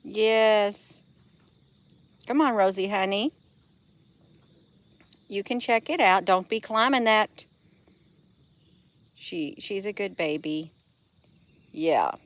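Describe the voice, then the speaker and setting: Slow, unhurried middle-aged woman, casual vlog chat, rambling and cooing at her cat. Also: medium pitch, no echo. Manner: rambling, coos at her pet cat between remarks. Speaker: vlogger.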